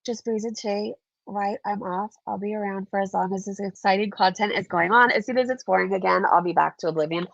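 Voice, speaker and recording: On a dry, slightly muffled recording with no echo, a woman who hosts a commentary channel reads viewer comments in a casual vlog. Her medium-pitched voice is congested and gravelly, and she talks fairly quickly, chatty and sarcastic, laughing often as she sounds stuffed up.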